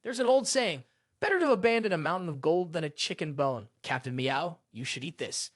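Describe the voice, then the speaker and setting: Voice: mid-range voice, animated, a little fast, no echo, clean studio sound, pitched below the performer's own voice, natural voice. A narrator voicing a cheeky, scheming young male detective who talks in a teasing, wheedling way.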